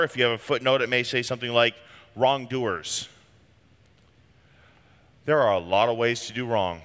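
A man's voice: a little high, bright, forceful tone, big-room sound. A man preaching a sermon as a pastor, talking in an emphatic, conversational way.

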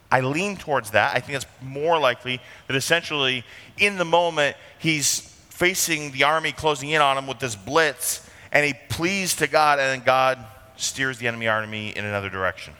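A man's voice: medium pitch, pushed and bright. A man preaching an expository sermon as pastor, talking conversationally and asking rhetorical questions, in a church sanctuary. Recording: long hall reverb.

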